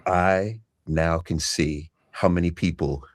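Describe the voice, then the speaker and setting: A man hosting an interview, asking questions in a measured, affirming way. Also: low-pitched, fairly even intonation, no room sound, studio quality. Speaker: interview host.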